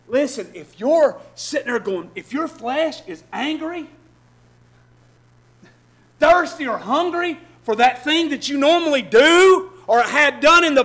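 A man preaching a sermon in church, swinging from loud shouting to soft low asides, with many repeats and restarts. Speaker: pastor. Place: church hall with congregation.

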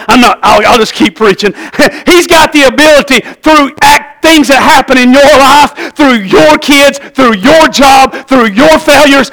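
A preacher man with a very high, bright, ringing voice. He moves between quiet, conversational asides and loud, shouted bursts of fervent preaching to his congregation. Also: rough recording. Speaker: pastor. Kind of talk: sermon.

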